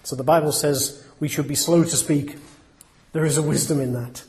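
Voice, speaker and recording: A man delivers a sermon in an earnest, plain-spoken way. His voice sits a little high for a man. He often restarts his sentences and puts searching questions to his listeners. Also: steady tone, moderate pace, a little mellow. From England. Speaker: preacher.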